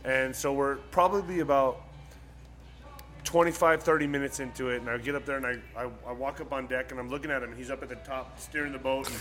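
A man's voice: medium pitch, fast talker, faint music behind. A young man telling a story in casual chat, acting out the people in it, swearing and laughing as he goes. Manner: animated, acts out voices, swears, laughs mid-story. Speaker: storyteller guest.

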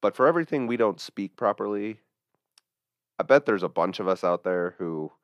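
Podcast co-host, Midwestern man, very low pitch, animated storyteller. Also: moderate pace, dry recording, lo-fi sound. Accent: Midwestern American. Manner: chatty, animated storytelling with voice impressions. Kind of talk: casual chat.

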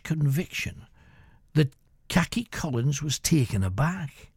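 A man telling a grisly tale in a measured, dramatic storytelling manner as the show's host. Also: on the high side, lively intonation, gravelly, darkish tone, no room sound, studio quality.

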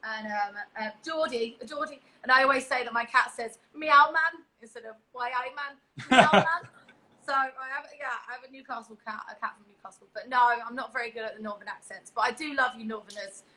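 A woman's voice: on the high side, fast, few pauses, bright, forceful tone, poor audio. A young English woman chatting as a podcast guest, giggly and a little scattered as she jumps between stories. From England. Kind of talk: casual chat.

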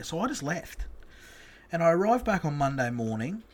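A man's voice: a little high, sing-song, fairly quick, slight background noise. A middle-aged man with an Australian accent, hosting a casual podcast chat and telling a story in a blunt, profane, laid-back way. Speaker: podcast host.

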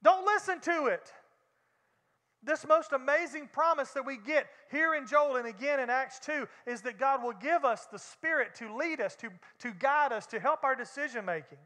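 A man's voice: extremely high pitch, moderate pace, hardly any pauses, pushed and bright. A male pastor preaching a sermon in an emphatic, conversational way. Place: large church sanctuary. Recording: long reverb in a large church.

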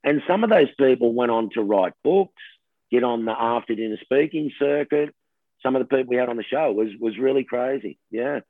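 A middle-aged Australian man, a television host, telling stories in a lively casual chat and laughing often. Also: medium pitch, a little fast, no echo. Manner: animated storyteller, laughs often, says mate. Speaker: TV host guest. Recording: tinny phone line, dry.

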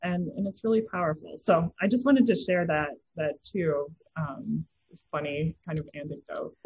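Woman in her thirties, low husky voice, chatty storyteller, muffled lo-fi sound. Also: fairly even intonation, normal speed, darkish tone. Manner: anecdotal, with filler words. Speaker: empathy trainer. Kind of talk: casual podcast chat.

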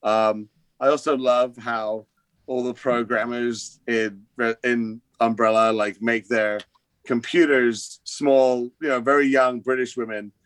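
Male podcast guest, hesitant and halting, mid pitch; dry recording. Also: level tone, dry recording. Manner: hesitant, lots of ums and uhs. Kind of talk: casual chat.

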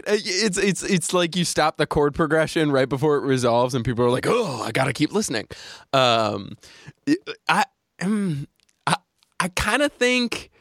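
Man podcast host, rather high voice, dry close sound, giggly rambler. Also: fairly bright tone, no echo. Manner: giggly, rambling with many fillers. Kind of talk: casual podcast chat.

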